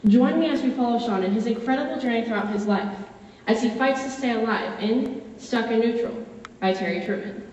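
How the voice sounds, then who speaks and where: A young woman in her late teens performs a dramatic first-person narration, earnest and intimate, with a mellow, slightly high voice. She is recorded from far off by a camera, so the sound is dull and swims in a long hall echo. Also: a little fast, a little hiss or hum. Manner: earnest, emotional, intimate storytelling. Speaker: competitor.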